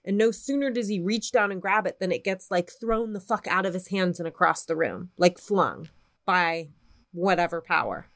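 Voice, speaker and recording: Woman podcast co-host, slightly low voice, chatty and foul-mouthed storyteller. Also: moderate pace, vocal fry. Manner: profane, animated retelling of a spooky story. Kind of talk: casual storytelling.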